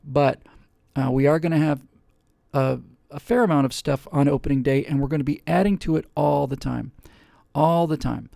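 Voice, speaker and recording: Gravelly man hosting a casual webcast. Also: on the high side, fairly even intonation, normal speed, dark tone, no room sound, studio quality. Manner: rambling, many fillers and restarts. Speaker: host. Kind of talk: casual live webcast talk.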